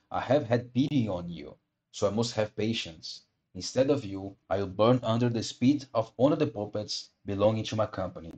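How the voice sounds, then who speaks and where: A man reading a storybook aloud, voicing a gruff, bearded male puppet showman with a hoarse voice who speaks loudly and slowly. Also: natural voice. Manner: loud, slow, booming delivery with sneezes.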